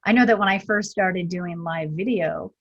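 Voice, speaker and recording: A woman's voice: lowish voice, normal speed, dull audio. A middle-aged woman guest, a business strategist, talking chattily with many fillers and quoted asides. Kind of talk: casual interview chat.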